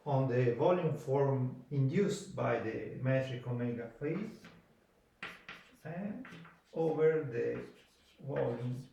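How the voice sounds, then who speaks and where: A man giving a mathematics lecture, slow and halting, pausing between phrases. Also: mid-range voice, vocal fry, warm tone, muffled recording. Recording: echoey room, voice from far off.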